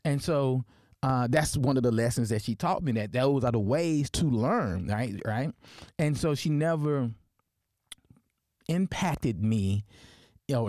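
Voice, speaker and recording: A man from Memphis with a Deep South accent, hosting a personal podcast and telling stories with many fillers and restarts. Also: a little mellow, dry recording, studio quality. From Memphis, Tennessee. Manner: storytelling, many fillers and restarts, asks "right?". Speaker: podcast host.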